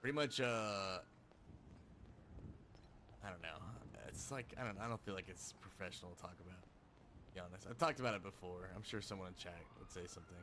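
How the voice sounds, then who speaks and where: A man's voice: deep voice, a little fast, pauses often, sharp tone, slight background noise. A male streamer chatting casually with viewers, laid-back and rambling, with frequent swearing.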